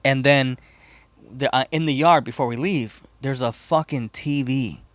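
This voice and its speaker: A man's voice: medium pitch, unhurried, no echo. Profane man telling a wild story. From Chicago. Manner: profane, rambling, laughs through the story. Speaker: podcast host. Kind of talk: casual storytelling.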